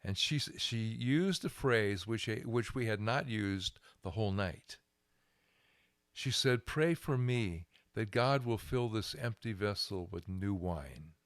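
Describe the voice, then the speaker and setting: Low, smooth-voiced older man telling stories. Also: takes it slowly, no echo, clean studio sound. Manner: lively anecdotal storyteller who chuckles and restarts phrases. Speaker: guest minister. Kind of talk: storytelling interview.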